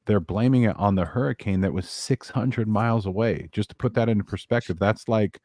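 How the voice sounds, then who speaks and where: Deep-voiced rambling man, dry sound. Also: a little fast, a little mellow, no echo. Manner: rambling, many restarts. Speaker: podcast guest. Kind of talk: casual podcast chat.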